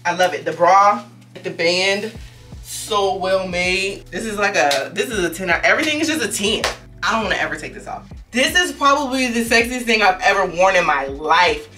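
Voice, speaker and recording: A young woman in her twenties doing a lingerie try-on haul, talking in animated slang, repeating herself and breaking into sudden high exclamations. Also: moderate pace, recorded from a distance, over music. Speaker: fashion vlogger.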